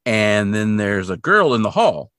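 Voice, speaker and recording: A man's voice: lowish voice, big pitch swings, unhurried, a bit bright, dry recording, studio quality. A man co-hosting a podcast, recapping an episode in casual, rambling chat and briefly putting on voices for the characters. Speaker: podcast co-host.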